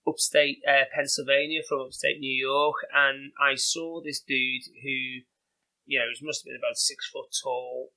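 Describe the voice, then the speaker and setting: A man with a Liverpool Scouse accent, a podcast guest telling animated, chatty stories with lots of "you know" and "like". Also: medium pitch, normal speed, low-quality recording. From England. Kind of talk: casual anecdotal storytelling.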